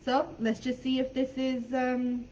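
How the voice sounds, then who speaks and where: A woman teaches English over a video call, her voice pitched a little high. She talks in a friendly, chatty way, laughing easily and pausing with fillers as she thinks. The audio is dull and lo-fi, with a faint hiss behind it. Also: completely flat delivery, a little mellow. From California. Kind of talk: live online class.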